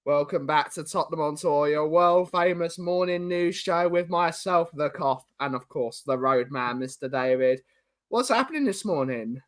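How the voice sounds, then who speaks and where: A young man hosts a casual football chat show and runs through a long list of viewer names. His voice is bright and forceful and sits a little high. He keeps up an easy patter of greetings between the names. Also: normal speed. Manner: reads out viewer names with running banter. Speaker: host.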